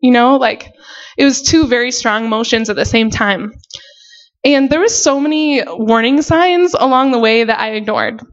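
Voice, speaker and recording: A young woman missionary with a slightly high voice speaks at normal speed, sharing her personal faith testimony earnestly and emotionally with many casual fillers. The recording is dull and lo-fi.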